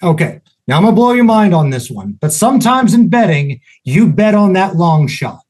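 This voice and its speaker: A man's voice: sits high, very animated, moderate pace, darkish tone. A man hosting a podcast in casual chat, confident and punchy, with folksy sayings. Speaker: podcast host.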